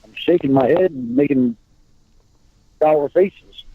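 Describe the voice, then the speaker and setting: A man on a phone call, talking in halting bursts and repeating his words as he restarts. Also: fairly high pitch, animated, gravelly, husky, no echo. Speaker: caller on a recorded phone call. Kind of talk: casual phone conversation. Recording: tinny phone line.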